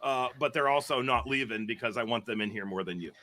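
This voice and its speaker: A man who is a biology professor, guest on a podcast, telling animated stories with laughter and casual swearing. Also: mid-range voice, fast talker, crowd noise. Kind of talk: animated storytelling.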